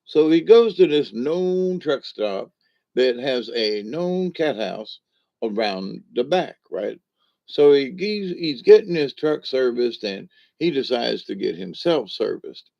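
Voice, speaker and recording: A man's voice: medium pitch, animated, takes it slowly, gravelly, darkish tone. A man rambling folksily through a casual monologue and a joke. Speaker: vlogger. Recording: lo-fi recording.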